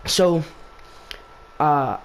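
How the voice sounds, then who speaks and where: A man's voice: a little high, lively intonation, drawn-out words, rough recording. A man hosting a gaming channel, telling a story in a rambling, casual way, full of filler words and restarts. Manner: rambling, filler-heavy retelling with lots of "basically" and "like".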